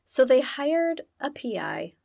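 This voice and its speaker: A woman's voice: high voice, big pitch swings, slow pace, creaky, a little mellow, no room sound, studio quality. A woman co-hosting a podcast, telling a true-crime story in a casual, chatty way with sarcastic asides.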